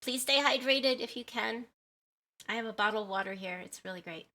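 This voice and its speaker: Bright-voiced, apologetic woman streamer. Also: on the high side, a little fast. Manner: chatty and apologetic, rambling with many fillers and giggles. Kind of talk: casual livestream chat with viewers.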